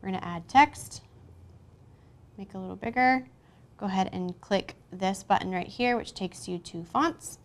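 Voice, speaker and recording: A woman's voice: mid-range voice, moderate pace. A woman hosting a casual drawing-app tutorial, talking through each step as she goes, with frequent ums and small asides. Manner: chatty, talks through each step with fillers. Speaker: craft tutorial host. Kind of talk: casual screen-recorded tutorial.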